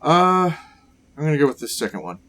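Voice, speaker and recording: A man hosting a let's play, reading game text aloud and thinking out loud over choices. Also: a little high, big pitch swings, fairly quick. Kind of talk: casual game commentary and reading.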